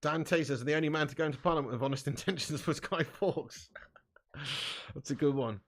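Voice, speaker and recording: A man's voice: a little high, moderate pace. A young British man streaming a football game live, ranting and swearing at length and laughing often between comments. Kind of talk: casual live-stream rant.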